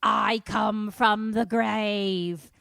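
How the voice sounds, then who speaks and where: A woman voicing a menacing old male ghost who possesses a girl, speaking loud, slow and growling. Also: mid-range voice, fairly even intonation, creaky, dry recording, clean studio sound, full character voice. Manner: threatening, drawn-out delivery.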